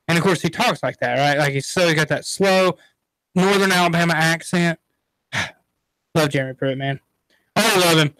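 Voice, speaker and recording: A man's voice: fairly high pitch, normal speed, pauses often, fairly bright tone, no echo, rough recording. A man co-hosting a sports radio show, chatting casually and laughing often.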